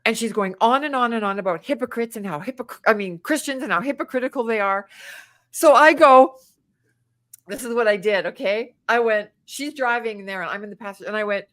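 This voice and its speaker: A middle-aged woman telling a story in casual chat, animated and acting out quotes with big jumps in pitch. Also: fairly quick. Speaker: podcast guest.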